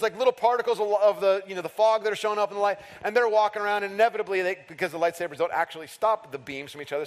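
Storytelling male pastor in a reverberant hall. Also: on the high side. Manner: humorous, self-deprecating storytelling. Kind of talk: sermon with personal stories. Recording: long reverb of a large hall.

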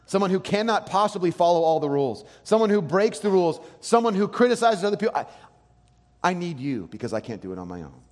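A man preaching a sermon as pastor, animated, acting out quoted voices. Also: sits high, fast, big-room sound.

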